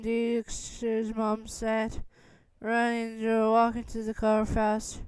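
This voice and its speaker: A woman reading a fan story aloud in a halting, rambling way. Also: a little high, completely flat delivery, a little mellow, clean tone, no echo. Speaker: fan fiction reader.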